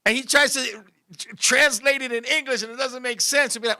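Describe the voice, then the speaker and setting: A man's voice: very high voice, steady tone, fairly quick, pushed and bright. A man hosting a comedy show, ranting with profane jokes and laughing at his own bits, from a Puerto Rican family. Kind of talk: comedic rant with banter.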